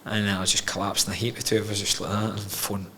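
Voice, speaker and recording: Low-voiced man telling his story. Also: level tone, fast, a bit bright, a little hiss or hum. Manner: frank and emotional, swears freely, calls the host mate. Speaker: podcast guest. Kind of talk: candid personal storytelling.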